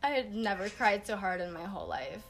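A young woman casually telling a personal story, animated and swearing freely, laughing as she goes. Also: mid-range voice, brisk, a little hiss or hum. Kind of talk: casual podcast chat.

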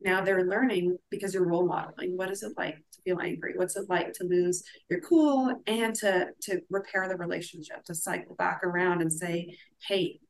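She has a somewhat low voice and an earnest, conversational delivery. She speaks in a relaxed podcast chat and now and then acts out the words a parent might say to herself. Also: normal speed, vocal fry, hardly any pauses, low-quality recording. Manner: earnest, acts out quoted self-talk.

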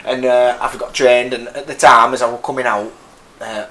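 Here a man in his thirties, an army veteran guest from Burnley, northern England, speaks in a Lancashire accent during a casual interview. His mid-range voice holds a steady tone at a moderate pace, bright and forceful, as he frankly tells his story, rambling with many restarts. There's faint noise in the echoey room.

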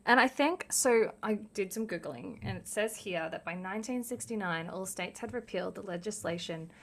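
A woman's voice: medium pitch, moderate pace. Young woman co-host, earnest casual talker, slight background noise. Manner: earnest, animated, lots of "like". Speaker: podcast co-host. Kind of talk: casual chat.

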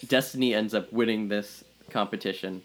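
A man's voice: fairly low pitch, steady tone, normal speed, poor audio. A man co-hosting a casual movie review podcast, recapping the plot in a rambling way with lots of fillers. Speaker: podcast co-host.

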